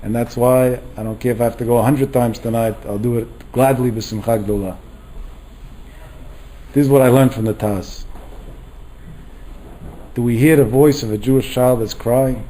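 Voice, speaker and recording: A man's voice: medium pitch, normal speed, pauses often, rough recording. A middle-aged man giving a Torah lecture as a rabbi, telling stories and acting out the voices he quotes. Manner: animated, acts out quoted voices.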